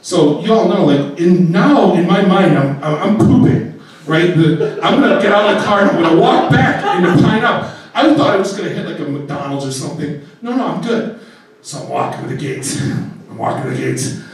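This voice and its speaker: A middle-aged man telling a comic personal story on stage, animated and acting out voices. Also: high voice, brisk. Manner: animated, acts out voices, laughing through the telling. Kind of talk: stand-up storytelling. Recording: echoey room, distant mic.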